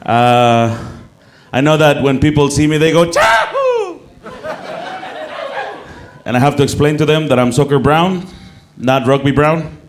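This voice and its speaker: A man's voice: a little high, fairly even intonation, moderate pace, noisy background. A man with a Mexican accent performing a self-mocking stand-up set on a comedy club stage, stumbling over restarts and laughing at his own jokes.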